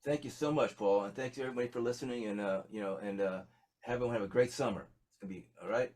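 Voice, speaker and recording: A man's voice: medium pitch, fast talker, a little mellow. A man talking as a guest musician in a casual interview, rambling with many fillers and restarts.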